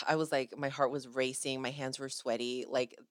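Low-voiced woman gushing about a fan meetup. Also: normal speed, dry recording, studio quality. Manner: gushing, animated storytelling with acted-out quotes. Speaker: podcast host. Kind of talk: casual chat.

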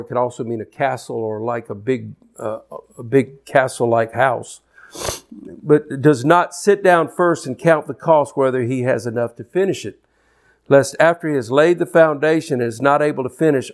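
A man preaching a sermon, swinging between loud declarations and low, intense asides.

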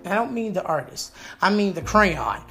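A man telling a comic story from his own life in an animated, playful and jokey way. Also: sits high, moderate pace, faint music behind.

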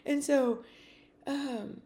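A woman podcast host telling a personal story in a casual, animated way, with many fillers and acted-out dialogue. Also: sits high, very slow.

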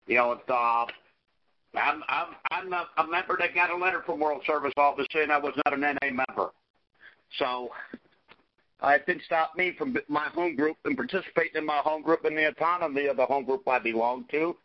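A man sharing in a group discussion, halting, with many fillers and frequent "okay?" check-ins. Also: a little high. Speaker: recovery meeting participant. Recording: dull lo-fi audio.

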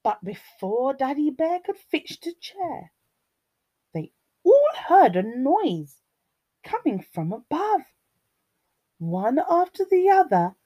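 A woman reading a fairy tale aloud to children, expressive and sing-song, talking to her young listeners. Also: high voice, slow, long pauses. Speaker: children's storyteller.

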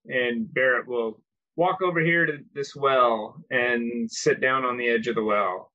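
A man's voice: mid-range voice, a little slow, muffled recording. A man playing his character in a tabletop game, hesitant and stammering. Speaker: player.

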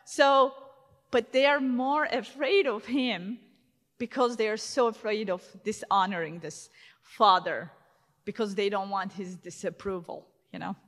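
A woman's voice: mid-range voice, steady tone, unhurried, a bit bright. A woman in her thirties giving a conference talk in a casual, conversational way, full of fillers and restarts. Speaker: conference speaker. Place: large conference hall. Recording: long hall reverb.

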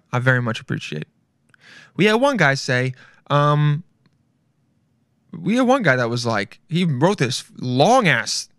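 A man hosting a solo podcast in casual chat, loud and excitable, rambling and swearing freely. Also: mid-range voice, dry recording, clean studio sound. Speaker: podcast host.

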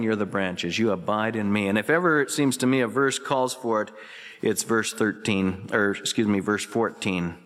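A man preaching a radio sermon as pastor, earnest, swinging between emphatic lines and hushed, tender ones. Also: mid-range voice, big-room sound. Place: church sanctuary.

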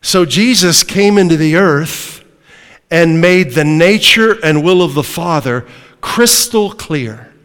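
High-voiced male preacher in echoing hall. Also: animated, slow, fairly bright tone, clean tone. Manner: emphatic, rhetorical questions to the congregation. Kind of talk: sermon.

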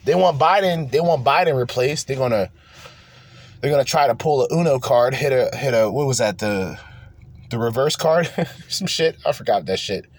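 At normal speed and medium pitch, this young podcast host from New Jersey delivers a casual but heated political rant that rambles and swears freely.

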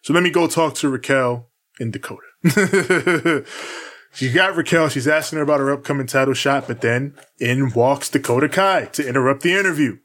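A man's voice: mid-range voice, normal speed, fairly bright tone. A man co-hosting a casual wrestling recap chat, narrating what happens and acting out quotes while laughing often. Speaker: co-host.

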